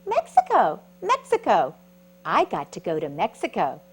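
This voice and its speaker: Cast: a woman reading as a tiny, determined caterpillar girl, squeaky and sing-song, sitting up high. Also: very animated, unhurried. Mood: eager. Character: eager little female caterpillar, determined.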